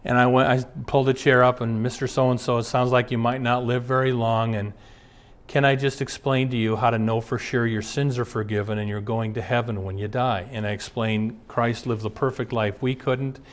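A man's voice: mid-range voice, flat delivery, moderate pace. A man, a pastor, giving an earnest sermon built around personal stories, reading passages aloud and then recounting anecdotes from his ministry. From Twin Cities area.

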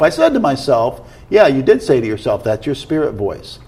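Husky man explaining earnestly. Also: mid-range voice, big pitch swings, moderate pace, hardly any pauses, warm tone. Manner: earnest, explanatory, asks questions to check. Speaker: guest teacher on prayer. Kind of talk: teaching in a conversation.

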